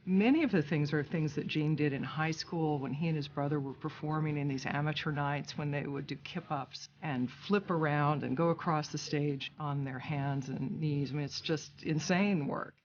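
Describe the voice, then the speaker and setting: A woman's voice: low-pitched, fairly even intonation, normal speed, hardly any pauses, dull audio, a little hiss or hum. A woman recounting behind-the-scenes stories in a documentary interview, retelling quoted dialogue conversationally.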